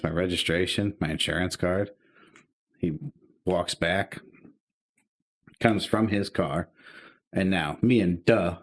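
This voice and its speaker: A man co-hosting a podcast, telling a story in casual chat, swearing and acting out the dialogue. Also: deep voice. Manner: animated, swearing, acts out dialogue. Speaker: podcast co-host.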